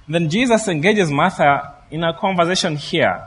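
A man preaching a sermon, telling the story in a lively way and acting out what the people in it say. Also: fairly high pitch, moderate pace, hardly any pauses, husky, big-room sound. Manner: lively storytelling preacher who acts out the quoted speech.

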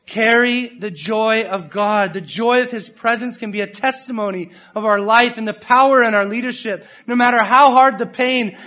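A middle-aged man preaching a sermon, animated and playful, acting out other people's voices and laughs as he tells stories. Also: extremely high pitch.

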